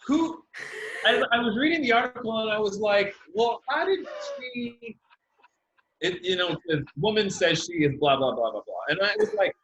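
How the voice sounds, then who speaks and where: Animated man with a dull lo-fi line. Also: a little fast, a little hiss or hum. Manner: animated, incredulous, pitch leaping up. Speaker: guest comedian. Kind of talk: casual chat over video call. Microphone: video call.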